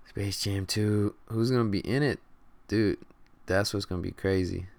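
A man's voice: lowish voice, clear, resonant tone. A young man hosting a casual sports podcast, laid-back and slangy, thinking aloud with lots of fillers. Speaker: podcast host.

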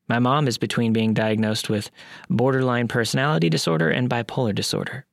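A man's voice: mid-range voice, vocal fry, no room sound, clean studio sound. A man narrating a true creepy story in a wry, blunt way with casual swearing.

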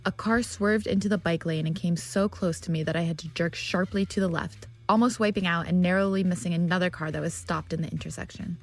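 A woman's voice: fairly low pitch, steady tone, a little fast, few pauses, faint music behind. A woman telling her own story as scripted narration, tense and vivid. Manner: tense, vivid storytelling with heated quoted outbursts.

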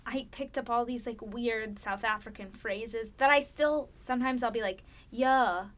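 A woman's voice: on the high side, normal speed, fairly bright tone. A woman in her thirties, an actor guest on a podcast, chatting enthusiastically, laughing easily and imitating voices. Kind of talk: casual interview chat.

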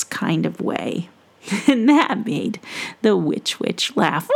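A woman reading a children's story aloud in a soft, half-whispered, playful voice. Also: medium pitch, very animated, slow pace. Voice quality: breathy, soft, playful with made-up words.

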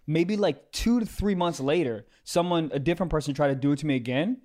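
A man from Maryland, with a voice pitched a little above the usual, spins a rambling podcast anecdote. His casual telling leans heavily on fillers and restarts. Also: fairly quick, darkish tone. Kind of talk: casual storytelling.

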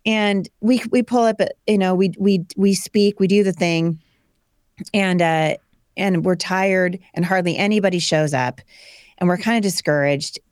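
A woman in her forties tells a personal story as a guest, animated and acting out the voices of people she quotes. Her voice sits low for a woman. The sound is dry and close. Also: measured pace, no echo. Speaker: guest, homeschooling mother.

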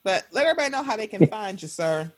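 Hosting a laid-back podcast, this woman in her thirties is energetic and animated, often jumping into high-pitched voices for quotes. She talks fast. Crowd noise can be heard in the background.

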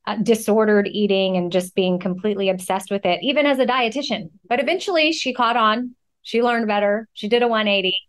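A woman's voice: medium pitch, brisk. Upbeat woman hosting a podcast. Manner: warm, enthusiastic, complimentary. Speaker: podcast host. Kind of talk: casual interview chat.

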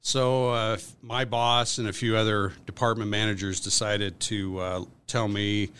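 A man as a podcast guest, telling a workplace story in a casual, animated way with lots of fillers. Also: lowish voice, a little slow, slight background noise. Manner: animated storyteller, acts out quotes, many fillers.

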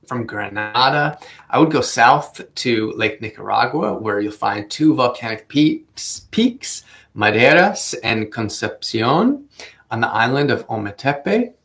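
A man gives casual travel advice to the camera, chatty and full of small fillers. His voice has a gravelly, fry-laden edge at a mid pitch. He takes extra care over Spanish place names. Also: very animated, measured pace, fairly bright tone. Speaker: travel vlogger. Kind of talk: casual travel guide talk.

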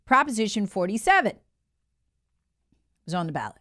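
A woman's voice: mid-range voice, very animated, normal speed, sharp tone. A woman hosting a political commentary show, telling the story in a sarcastic, mocking way.

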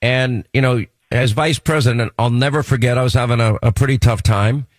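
A man's voice: mid-range voice, steady tone, fairly quick, no echo. A middle-aged man with a New York accent hosting a radio talk show, chatting in a rambling way and often restarting his sentences. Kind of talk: radio interview.

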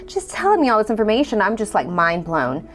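A woman telling her own pregnancy story in a conversational way, animated when she quotes herself. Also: mid-range voice, brisk, faint music behind. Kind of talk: personal storytelling.

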